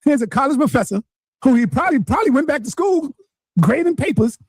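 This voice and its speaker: A man streaming live, commenting on a clip to his viewers in an animated, indignant way. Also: very high voice, fast, dry recording, studio quality.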